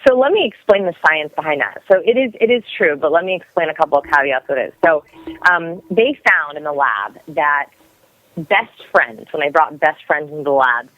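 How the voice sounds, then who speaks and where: A young woman who talks quickly and energetically, explaining as a guest expert in a podcast interview. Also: low voice, no room sound. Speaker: guest expert on body language. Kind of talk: podcast interview over the phone. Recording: dry, tinny phone line.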